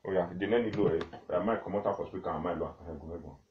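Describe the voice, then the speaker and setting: A man's voice: low voice, fast, narrow, tinny audio. A man with a Nigerian accent hosting a live video, chatting in a loose, repetitive way straight to his viewers. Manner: chatty, repeats himself, talks to viewers directly. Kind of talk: casual live-stream commentary in pidgin.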